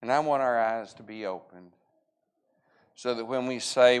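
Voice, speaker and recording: A man's voice: medium pitch, moderate pace, clean tone. Man, Bible class teacher; earnest, conversational, acts out quoted lines as he retells scripture. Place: church classroom.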